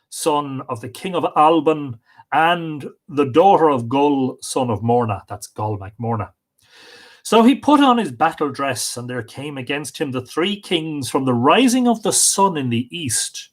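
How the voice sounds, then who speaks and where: A man reading an old legend on a live stream, expressive and stopping for joking asides to his audience. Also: mid-range voice. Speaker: storyteller and stream host.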